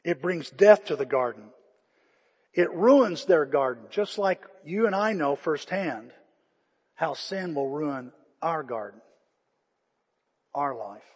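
An older man, the pastor, preaches a conversational sermon in a church sanctuary, retelling scripture with feeling. His voice sits on the high side, animated and slightly rough, moving slowly with frequent pauses. The church hall gives it a long reverb.

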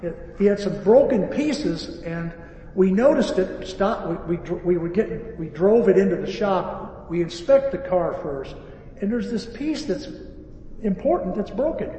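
A man preaching a sermon, telling an animated story with acted-out dialogue. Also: sits high, unhurried. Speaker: pastor and repair-shop owner. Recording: echoey hall, voice from far off, faint ambience.

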